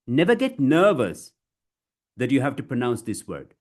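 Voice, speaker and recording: A non-native English-speaking man leads a public speaking lesson, breaking words and phrases into slow, deliberate chunks and repeating them for his students. His voice is husky and his pitch moves up and down in a lively way. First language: not English. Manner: slow, chunked pronunciation drills with many repetitions; addresses listeners as guys, says you see often. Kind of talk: online class lesson.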